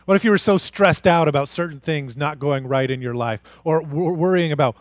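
A man preaching a sermon as pastor, moving from hushed, intimate passages to fired-up, rising declarations. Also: fairly high pitch, a little fast, dry recording, studio quality. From Canada.

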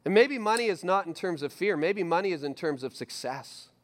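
Lively middle-aged male pastor preaching. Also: high voice, fairly quick. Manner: animated, acts out listeners' inner voices, repeats phrases. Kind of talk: sermon.

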